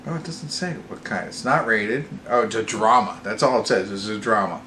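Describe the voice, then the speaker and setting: A man with a lowish voice hosts a casual movie review vlog, speaking at normal speed. He meanders, corrects himself and gets worked up as he goes, and there's a little hiss or hum in the audio.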